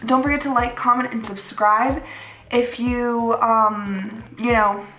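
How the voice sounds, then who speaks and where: A woman's voice: fairly high pitch, fairly even intonation, takes it slowly, pushed and bright. A young woman vlogging casually while doing her makeup, chatty and rambling, swearing offhandedly. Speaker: beauty vlogger. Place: room at home, seated at a makeup chair. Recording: roomy echo.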